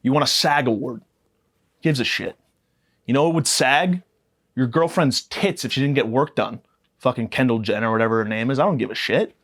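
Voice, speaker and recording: A man's voice: mid-range voice, normal speed, fairly bright tone. A young man hosting a podcast, delivering a profane, mock-aggressive comedic rant that rambles from point to point. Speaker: podcast host.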